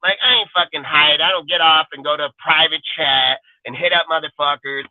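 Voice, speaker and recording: A man hosting a sports talk show delivers a defiant, profanity-laced rant. His voice sits a little high and close, with no room sound. It comes through a thin, phone-like line. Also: fairly quick, hardly any pauses, no room sound. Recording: tinny phone-like dry line.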